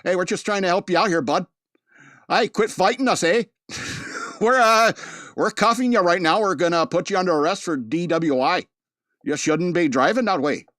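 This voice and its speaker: A man's voice: high voice, normal speed, a bit bright, no echo, clean studio sound, pitched above the performer's own voice. Man doing a folksy Wisconsin cop. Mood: folksy firm. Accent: Upper Midwest American. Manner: folksy, chummy and firm. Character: friendly male Wisconsin police officer making an arrest.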